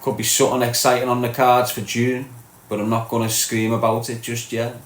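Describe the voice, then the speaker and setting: A man's voice: mid-range voice, flat delivery, brisk, roomy sound, slight background noise. A man with a Scouse accent hosting a casual livestream, greeting commenters by name in local slang. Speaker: livestream host reading chat comments. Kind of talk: casual live chat.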